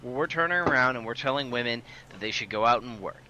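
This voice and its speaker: Brief: sharp-voiced male podcast host, profane storyteller, faint hiss behind. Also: medium pitch, expressive, fast talker, dull audio. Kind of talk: casual podcast chat.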